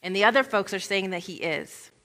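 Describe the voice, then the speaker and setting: Bright-voiced woman pastor preaching. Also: mid-range voice, fairly quick. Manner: chatty, informal asides with "like" and "you know". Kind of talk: conversational sermon. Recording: long reverb of a large hall.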